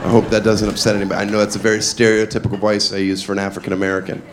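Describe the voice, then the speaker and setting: A man doing a stand-up comedy set on a club stage, deadpan and self-amused, often laughing at his own jokes. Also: on the low side, very fast. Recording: live club recording with background noise.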